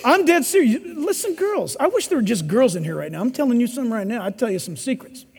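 High-voiced middle-aged pastor in echoey hall. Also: male voice, big pitch swings, fast talker, vocal fry. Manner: emphatic and conversational, acting out quoted voices. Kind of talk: sermon.

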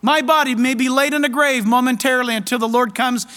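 Man preaching, very high voice, bright tone, fervent and excited. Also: fast, in a large hall. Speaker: pastor. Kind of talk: sermon.

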